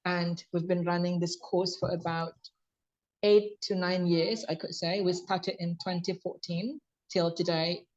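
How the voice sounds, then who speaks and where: A man's voice: high-pitched, fairly even intonation, unhurried. An Indonesian man who teaches English, hosting a video call interview, polite and eager with many fillers. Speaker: English course teacher, host. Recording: dull muffled call audio.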